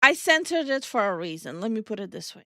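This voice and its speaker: A woman from Estonia talks on a live stream in a blunt, opinionated way, swearing freely as she co-hosts. Her voice sits a little high. The sound is dry and close to the mic. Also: big pitch swings, a little fast, pushed and bright, no echo. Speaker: VTuber streamer and co-host. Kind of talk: casual stream chat.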